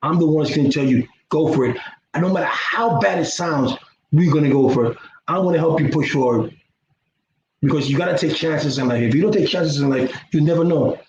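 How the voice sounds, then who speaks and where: A middle-aged man talks straight to his viewers in a rambling, earnest vlog, stumbling and repeating words as he preaches. His voice sits a little high for a man. The sound is roomy and dull, with a faint hiss underneath. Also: brisk, a little mellow. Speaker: YouTuber. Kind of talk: casual monologue vlog.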